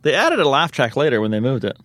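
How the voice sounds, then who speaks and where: Man co-host, animated pitch, teasing and laughing in casual chat. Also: quick pace, no echo. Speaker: podcast co-host.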